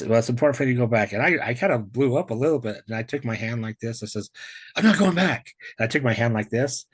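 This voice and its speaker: Pria yang bercerita bertele-tele lewat panggilan video. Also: male voice, lowish voice. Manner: rambling, many restarts, animated when quoting himself. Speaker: guest sharing a near-death experience. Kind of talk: casual storytelling on a video call. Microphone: video call.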